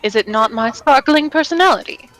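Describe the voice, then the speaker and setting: A woman's voice: high voice, animated, fairly quick, a bit bright, soft background music, rough recording. A woman player in a tabletop game, speaking in character with playful quips. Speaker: player voicing Mira.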